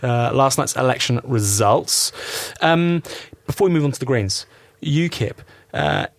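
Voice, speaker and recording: A man with a mid-pitched voice hosting a talk radio discussion. He frames long, meandering questions and qualifies them as he goes. The sound is dry and close to the mic. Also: animated, unhurried, no echo. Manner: long winding questions with hedges. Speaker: radio host.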